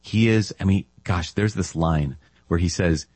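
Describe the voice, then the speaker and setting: Low, husky-voiced priest giving a sermon. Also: male voice, a little slow, a little mellow, dry recording. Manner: conversational, with laughs and tag questions. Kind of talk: sermon on scripture readings.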